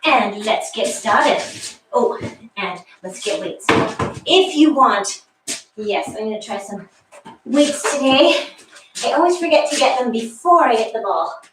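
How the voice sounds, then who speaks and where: A woman's voice: a little high, expressive, a little slow, pauses often, a bit bright, slight background noise. A woman leading a guided workout class, counting reps with chatty asides and slightly out of breath. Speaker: fitness instructor. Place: exercise room with a wall. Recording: echoey room, mic far off.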